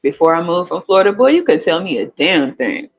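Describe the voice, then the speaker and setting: A podcast host from the US West Coast in a casual monologue, animated and profane, laughing often and jumping up in pitch. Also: brisk, slightly rough. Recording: slightly muffled, faint music.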